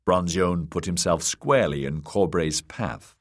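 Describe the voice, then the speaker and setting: A man narrating a fantasy audiobook in an expressive storytelling way. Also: low voice, measured pace.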